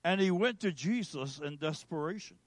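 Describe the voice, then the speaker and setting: Man preaching, high voice, slow emphatic delivery, dramatic pauses, dry close sound. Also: animated, no echo. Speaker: pastor. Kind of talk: sermon.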